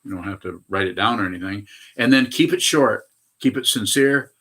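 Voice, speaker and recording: An older man in his eighties teaches meditation in a low, bright, forceful voice. He rambles through his answer, restarting and correcting himself as he goes. It sounds like an unhurried spiritual talk. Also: husky. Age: 80s. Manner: rambling, frequent hesitations and self-corrections. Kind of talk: dharma talk answering questions.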